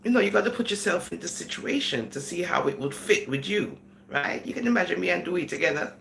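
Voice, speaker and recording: Giggly woman with a gravelly, lively voice. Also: lowish voice, fast, a little hiss or hum. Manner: giggly, laughs between sentences; slips into Caribbean-style phrasing. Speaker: vlogger. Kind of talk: casual commentary vlog. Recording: echoey room.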